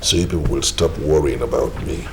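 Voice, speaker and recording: An actor with a Nigerian accent playing an ailing older father with a weak heart, speaking slowly and reflectively. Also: rumbling low, noisy background. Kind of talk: film drama acting.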